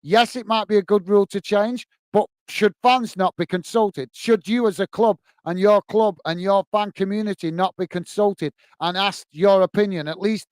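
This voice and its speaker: High yet darkish, clear and resonant, this man's voice holds a steady tone at normal speed with hardly any pauses, recorded dry. He hosts a live football watch-along stream, ranting passionately, addressing viewers as mate and chatting between bits of commentary.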